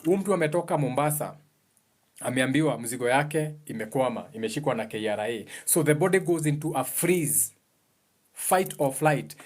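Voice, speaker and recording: A man's voice: medium pitch, lively intonation, normal speed. A man with a Kenyan accent giving a casual motivational talk about emotions. He explains things earnestly and repeats his key points for emphasis. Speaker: speaker giving advice on emotions.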